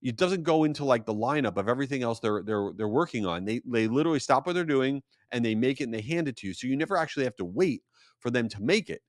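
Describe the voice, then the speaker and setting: A male podcast host talking straight into a close studio mic, with a bone-dry sound and no room around him. He tells stories in a jokey, self-deprecating way, his pitch swinging widely up and down as he goes. His voice sits at an ordinary middle pitch for a man. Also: fast talker, no echo. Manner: animated, jokey storytelling with self-deprecating asides. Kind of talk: solo podcast monologue.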